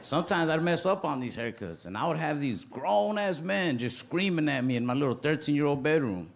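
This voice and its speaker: A man's voice: a little high, animated, fairly quick, vocal fry, a little hiss or hum. A young man from Texas doing a stand-up comedy routine, telling stories in a laid-back way and acting out the voices of the people in them.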